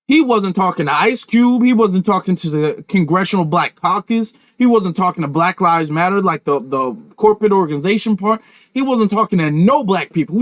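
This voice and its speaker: High-voiced man ranting to his viewers. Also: dry recording, clean studio sound. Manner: emphatic, talks to viewers directly, repeats and restarts. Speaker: commentary channel host. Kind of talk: political commentary rant.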